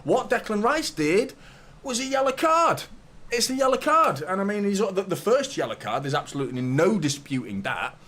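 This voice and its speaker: A man's voice: sits high, very animated, moderate pace, fairly bright tone. A man hosting a live football watchalong, chatting casually, greeting viewers by name and swearing now and then. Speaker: fan channel host.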